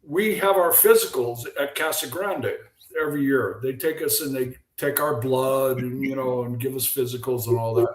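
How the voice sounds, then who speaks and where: A man's voice: mid-range voice, moderate pace. Older man telling stories in an echoey room. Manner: animated anecdote teller, acts out quotes. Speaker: guest, former baseball pitcher. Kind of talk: casual storytelling. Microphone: video call.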